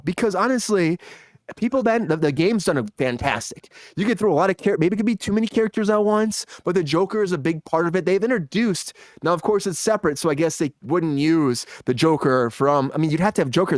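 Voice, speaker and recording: A man's voice: high-pitched, dry recording. A man hosting a live entertainment news show, speculating with enthusiasm in casual chat.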